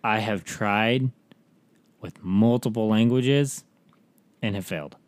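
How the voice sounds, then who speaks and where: A man's voice: fairly low pitch, slow, no room sound. A man co-hosting a casual TV review chat, rambling and acting out characters' lines in quotes. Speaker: podcast co-host reviewing a TV episode.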